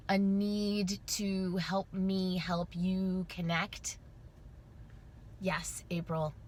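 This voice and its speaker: A woman's voice: on the low side, slight background noise. A woman hosting an intuitive astrology live stream from inside her car, gushing and emotional, near tears at times, then leading a guided meditation.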